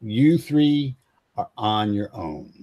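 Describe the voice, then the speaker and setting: A weary barman speaks dryly, as a man puts him on. His voice sits low and husky, in an unhurried tabletop-game scene. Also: expressive, mellow. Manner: dry, tired. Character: weary middle-aged male barman.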